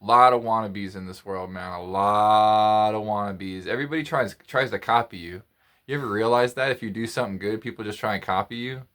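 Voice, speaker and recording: A man's voice: fairly low pitch, fast talker, bright, forceful tone. A man telling a story in a casual monologue, rambling, repeating phrases and restarting his sentences. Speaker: podcast host.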